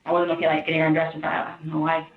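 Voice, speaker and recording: Woman, rambling and halting, quick speech, thin phone-like sound, echoey room. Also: low-pitched, monotone, a crowd in the background. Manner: rambling, halting, quotes others in a raised voice. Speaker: interviewee in police interrogation footage. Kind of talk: recounting events in an interview. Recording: distant, echoey, phone-like interrogation room audio.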